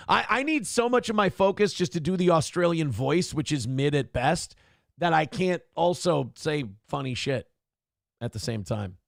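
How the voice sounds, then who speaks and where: Gravelly joking male talk-show host. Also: fairly high pitch, animated, moderate pace, dry recording, studio quality. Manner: profane, joking, reading viewer messages aloud. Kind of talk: casual live-stream talk.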